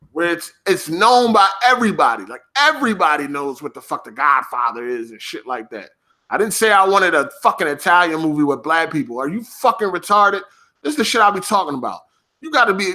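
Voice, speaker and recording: A podcast host, swearing heavily as he talks casually and snaps back at his livestream chat. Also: high-pitched. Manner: profane, animated, reacting to chat.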